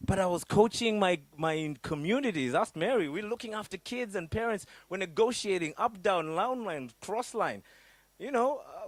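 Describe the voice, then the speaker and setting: A middle-aged man from Africa giving a motivational business workshop, swinging between loud high bursts and low quiet asides. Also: expressive, moderate pace, no echo. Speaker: business coach.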